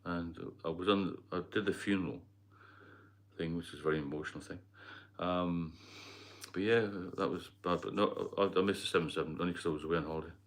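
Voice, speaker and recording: Speaking fairly quickly in a low, steady voice, a middle-aged man runs a casual livestream chat and rambles while answering what viewers write. He comes from Northeast England, and his accent mixes Geordie and London.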